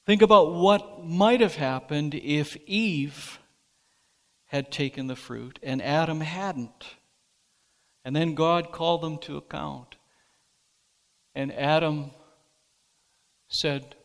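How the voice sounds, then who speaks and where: Slow, deliberate male preacher. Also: fairly high pitch, fairly bright tone, big-room sound. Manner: slow, deliberate preaching that rises to emphatic peaks. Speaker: pastor. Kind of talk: sermon.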